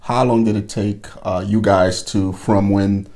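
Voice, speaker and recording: A man's voice: fairly low pitch, flat delivery, measured pace, a little mellow. A man hosting an interview, mostly giving short acknowledgements and asking long, searching questions. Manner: brief backchannel, reads out long questions. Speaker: host.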